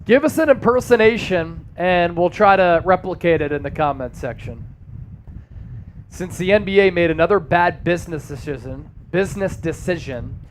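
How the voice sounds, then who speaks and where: A man's voice: fairly high pitch, a little hiss or hum. A man hosting a casual sports live stream, joking and reading out chat comments.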